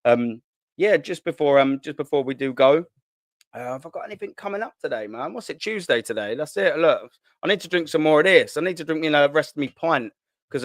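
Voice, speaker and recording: A young man, hosting a casual live stream from his kitchen at home, talking in excitable slang, swearing and repeating himself. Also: a little high, no echo, clean studio sound. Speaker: football channel host. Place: at home, sitting at a kitchen island.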